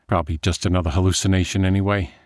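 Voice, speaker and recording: A man's voice: sits low, fairly even intonation, very fast, darkish tone, dry recording, studio quality, natural voice. A man voicing a sardonic, troubled young woman who talks bluntly, in a story reading. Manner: wry, blunt.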